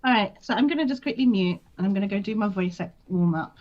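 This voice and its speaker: A woman's voice: mid-range voice, animated, fast, highs cut off. A British woman, a guest on a live stream, chatting and joking casually. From Britain. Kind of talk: casual chat.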